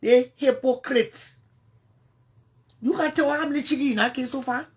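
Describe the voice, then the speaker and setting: A woman with a Liberian English accent, ranting at someone on a phone livestream, confrontational and swearing, dropping to low mutters and then bursting out loud. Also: moderate pace. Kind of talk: angry livestream rant.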